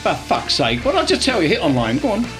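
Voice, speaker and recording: A man's voice: sits high, wildly swooping pitch, fast, over music. A man with an English accent co-hosting a podcast, blunt and teasing, swearing often in casual banter. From England. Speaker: podcast co-host.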